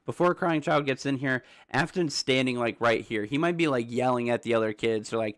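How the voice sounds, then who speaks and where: A man's voice: medium pitch, fairly bright tone, clear, resonant tone. A man hosting a livestream, rambling through theories in loose casual chat, full of fillers and asides to viewers. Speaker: livestream host.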